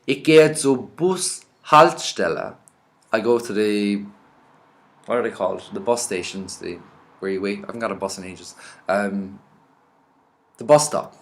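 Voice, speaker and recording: An Irish man teaching a vocabulary lesson, reading each word out and then explaining it in a relaxed, chatty way. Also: on the low side, unhurried, pauses often. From Ireland. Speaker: language teacher.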